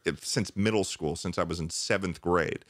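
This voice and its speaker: Young male podcast co-host, low, dry-miked, animated storyteller. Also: moderate pace, dry recording. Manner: animated storytelling, jumps high for excited voices; laughs often. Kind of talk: casual chat.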